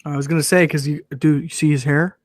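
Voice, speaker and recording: A man's voice: fairly high pitch, fairly even intonation, fast talker, dry recording, clean studio sound. Laughing, teasing male podcast co-host. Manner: laughs a lot, teasing, profane reactions. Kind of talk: casual chat.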